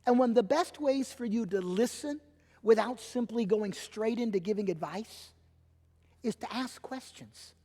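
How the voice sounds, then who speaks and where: High-voiced animated male preacher. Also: a little slow. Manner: animated, emphatic preaching with acted-out quotes. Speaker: pastor. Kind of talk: sermon. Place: church sanctuary. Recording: long church hall reverb.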